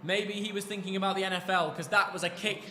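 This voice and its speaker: A man hosting a live football watchalong stream, bantering and teasing with loud outbursts. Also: high voice, steady tone, fast. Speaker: stream host. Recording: echoey room with crowd noise. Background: football match crowd on the telly.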